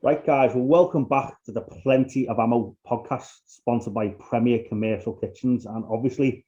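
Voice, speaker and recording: A man's voice: mid-range voice, moderate pace, warm tone. A man hosting a podcast interview, talking casually and often stumbling over repeated words. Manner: hesitant, repeats words, friendly filler. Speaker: podcast host. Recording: dull lo-fi sound.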